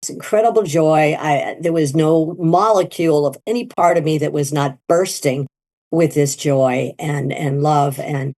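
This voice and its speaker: A middle-aged woman telling her story in an interview, animated and leaping into high quoted voices. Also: a little slow. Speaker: guest, near-death experiencer.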